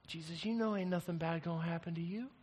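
A man voicing a sly male devil who coaxes and mocks, rising to gleeful shouts. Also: a little high, fast, breathy edge, voice pushed up. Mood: coaxing. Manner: wheedling, mocking, rising to shouts.

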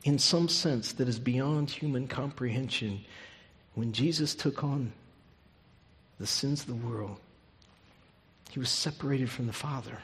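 A pastor preaching a sermon, his delivery swinging from loud emphatic peaks down to hushed, near-whispered lines. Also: mid-range voice, measured pace, pauses often, in a large hall.

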